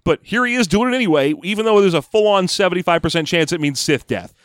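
A man co-hosting a casual comedy podcast, quick and self-mocking, sometimes tripping over his words. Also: sits high, animated, dry recording, studio quality. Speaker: podcast co-host.

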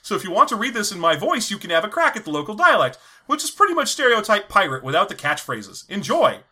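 Man, podcast co-host, very bright tone, animated, playful, laughing. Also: sits high, fast, breathy edge. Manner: playful, laughing, reads listener questions. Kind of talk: casual comedic podcast chat.

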